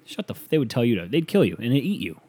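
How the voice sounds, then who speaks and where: A man's voice: medium pitch, very animated, racing, darkish tone, breathy edge. A man delivering a profane, sarcastic comedic rant as a solo monologue.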